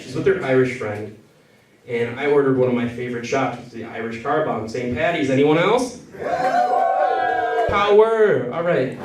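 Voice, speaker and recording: A man doing a loose, rambling stand-up set that keeps correcting itself. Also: medium pitch. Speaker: stand-up comedian. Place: comedy venue with a crowd. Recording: echoey room from far off. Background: audience laughter.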